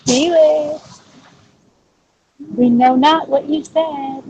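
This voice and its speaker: A woman's voice: high-pitched, steady tone, slow pace, dark tone, highs cut off. A woman from Louisiana with a Southern accent, chatting loosely with fillers and restarts as she hosts a group video call. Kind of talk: casual group-call chat. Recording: noisy online call audio.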